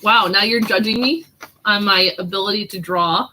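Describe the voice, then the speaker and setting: A woman's voice: mid-range voice, moderate pace, sharp tone, a little hiss or hum, poor audio. A woman hosting a casual live doodling chat, teasing her kid and reading out viewer comments as she draws. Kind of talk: casual live-stream chat while drawing.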